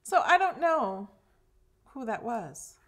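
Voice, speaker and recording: Animated high-voiced woman hosting a live stream. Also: takes it slowly. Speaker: YouTube host doing a live video. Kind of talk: casual live-stream chat.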